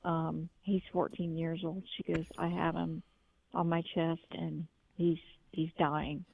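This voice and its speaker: A woman's voice: sits low, level tone, slow, gravelly, phone-quality sound, slight background noise. A woman calling in to a talk show, telling things in an earnest, rambling way. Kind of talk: call-in talk.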